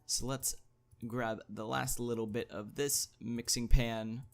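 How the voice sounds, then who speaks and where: A man hosting a gaming video, thinking aloud as he plays, chatty, with excited interjections. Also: mid-range voice, slow pace. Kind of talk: casual gameplay commentary.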